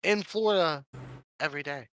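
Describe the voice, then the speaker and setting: A man's voice: on the high side, moderate pace, a bit bright, no echo, clean studio sound. A man playing a tabletop game, chatting offhandedly and arguing back. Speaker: player. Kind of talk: casual tabletop role-play chat.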